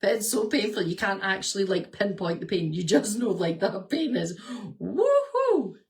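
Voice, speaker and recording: A woman's voice: mid-range voice, moderate pace. A woman vlogger and nurse chatting casually, answering viewer comments and laughing often as she retells stories.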